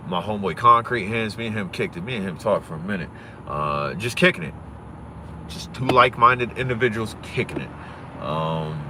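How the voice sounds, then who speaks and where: A man from Pennsylvania talking fast and profanely on a casual livestream, swaggering and rambling, recorded on a phone outdoors. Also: low voice, bright, forceful tone, slight background noise.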